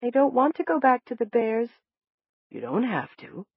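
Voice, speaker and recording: A woman voicing a gruff, big man who speaks low, quietly and curtly to a frightened girl. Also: lively intonation, measured pace, dry recording, heavily acted. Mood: gentle. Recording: dull lo-fi dry recording.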